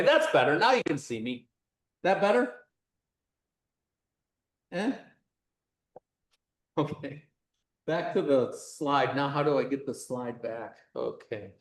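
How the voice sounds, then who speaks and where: A middle-aged physics instructor leading a live virtual workshop from a large lecture hall, talking bluntly and casually with jokes. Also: medium pitch. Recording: echoey hall, distant mic.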